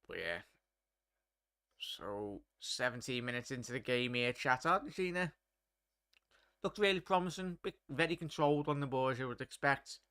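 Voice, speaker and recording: A man's voice: mid-range voice, lively intonation, moderate pace, bright, forceful tone, clean tone, no echo, studio quality. A young man hosting a live match watchalong, commentating casually and chatting to viewers. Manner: chatty, laddish, reads chat aloud. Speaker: watchalong host.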